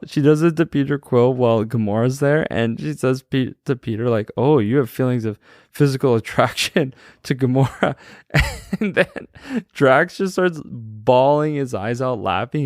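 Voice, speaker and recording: A man's voice: medium pitch, no room sound, studio quality. A man hosting a podcast, enthusiastically recapping a film in casual chat and often laughing as he retells scenes. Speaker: podcast host.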